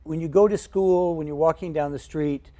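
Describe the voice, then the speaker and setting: A man hosting a studio interview, asking measured questions and giving short prompts and brief acknowledgments. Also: on the high side, steady tone, dark tone. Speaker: radio interview host. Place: radio studio.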